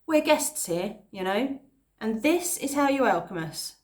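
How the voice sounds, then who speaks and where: A woman voicing a bold evacuee schoolgirl who squares up to a bully with a sharp, challenging delivery. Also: medium pitch, fairly even intonation, normal speed, natural voice. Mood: defiant.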